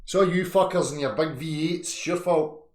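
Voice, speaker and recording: A Scottish man hosting a livestream, chatting casually and ranting loudly with constant swearing. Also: a little high, moderate pace, roomy sound. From Scotland. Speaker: livestream host.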